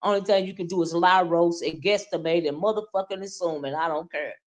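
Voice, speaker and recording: A woman's voice: fairly low pitch, fairly even intonation, a little fast, dull audio. A woman hosting a livestream, ranting casually and talking straight to her viewers, often checking in with "right?" and "okay?". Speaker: livestream host. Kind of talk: casual livestream rant, reading chat.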